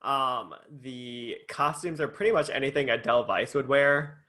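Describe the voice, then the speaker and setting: A man co-hosting a podcast in casual chat, relaxed and agreeable, often chiming in with short replies. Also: medium pitch, measured pace. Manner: relaxed, agreeable, chatty, frequent "right" and "yeah". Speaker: podcast co-host.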